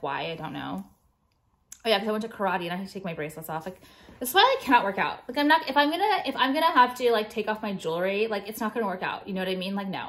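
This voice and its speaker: Blunt, profane young woman ranting. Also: medium pitch. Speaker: jewelry designer and vlogger. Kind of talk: casual ranting vlog.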